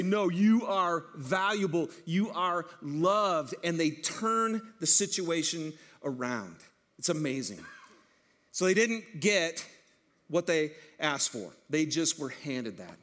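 A man preaching a sermon to a congregation, telling stories in an animated, joking way. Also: high-pitched. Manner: animated, jokey storytelling with laughs. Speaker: pastor.

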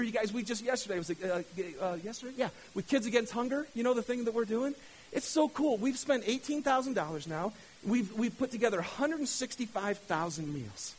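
A male pastor preaching with rising fervor, his voice sitting unusually high. He stammers and restarts phrases as he gets fired up. A faint hiss runs under the recording. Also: low-quality recording. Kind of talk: sermon.

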